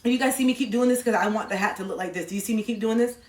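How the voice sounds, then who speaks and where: Playful female streamer, casual chat to viewers, animated, goofy sound bits, echoey room. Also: a little high, racing. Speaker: livestream host talking to chat.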